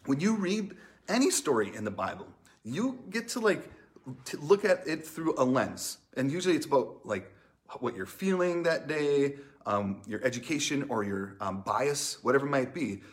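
A man's voice: medium pitch, big pitch swings, moderate pace. Chatty man preaching a casual sermon. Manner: chatty, many "like" fillers, acts out characters playfully. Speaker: pastor. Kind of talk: casual sermon with scripture reading.

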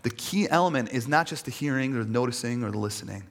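A male pastor delivers a sermon in a loose, conversational way, full of fillers and small jokes at his own expense. His voice sits at an ordinary middle pitch for a man. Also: animated, fast talker. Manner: conversational, self-deprecating humor, many fillers.

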